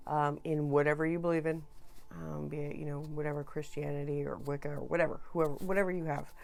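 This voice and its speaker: Smooth-voiced woman giving a tarot reading. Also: low voice, flat delivery, quick pace, faint music behind. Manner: chatty and soothing, with frequent restarts and swings between soft and loud. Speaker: tarot reader. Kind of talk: casual tarot reading to camera.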